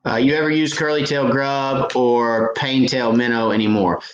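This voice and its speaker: A man's voice: mid-range voice, steady tone, moderate pace, reverberant, muffled recording, a little hiss or hum. A man hosting a live fishing Q&A stream, answering viewer questions in a chatty way and laughing at his own jokes.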